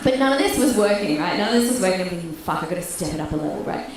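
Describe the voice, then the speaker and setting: Australian woman comic, brash and animated, echoey room, heard from a distance, laughing crowd behind. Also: fairly low pitch, racing, a little hiss or hum. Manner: brash, animated storytelling with acted-out quotes. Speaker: stand-up comedian. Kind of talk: stand-up comedy set. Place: comedy club stage. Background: audience laughter.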